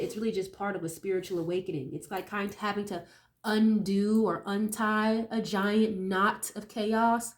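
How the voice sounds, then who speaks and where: A woman with a nasal voice from a cold, chatting casually as she reads tarot cards for viewers, thinking aloud with many tag questions. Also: mid-range voice. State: getting over a cold. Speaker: tarot reader.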